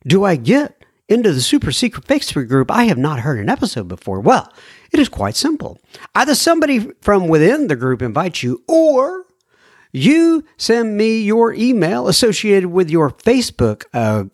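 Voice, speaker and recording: A man's voice: on the high side, no room sound, studio quality. A man hosting a podcast, reading out listener letters in a rambling, chatty way with stumbles and repeats. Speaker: podcast host. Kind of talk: casual podcast talk reading listener mail.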